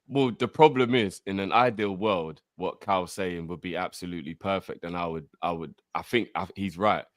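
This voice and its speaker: A man's voice: deep voice, moderate pace, no echo, studio quality. A man co-hosting a casual football podcast, rambling and trailing off in slangy talk. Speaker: co-host.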